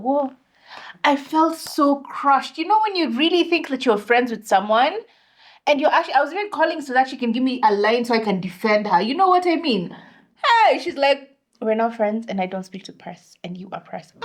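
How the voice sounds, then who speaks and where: A young woman chatting on a podcast, telling her story with animated energy. Her voice sits a little high, and she slips Swahili slang into her English. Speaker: podcast co-host. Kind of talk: casual chat.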